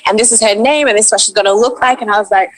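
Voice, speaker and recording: A woman's voice: medium pitch, very fast, dry recording, poor audio. A woman with an Australian accent, a voice actress guest telling her story on a video call and acting out quoted reactions. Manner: animated, acts out quoted reactions. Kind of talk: casual interview storytelling.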